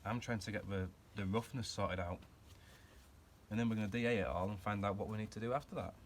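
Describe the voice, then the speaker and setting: Chatty man with a low voice. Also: fairly even intonation, fast, a little hiss or hum. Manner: chatty, self-mocking, rambling asides while working. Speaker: hobby car restorer and channel host. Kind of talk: casual workshop vlog chat.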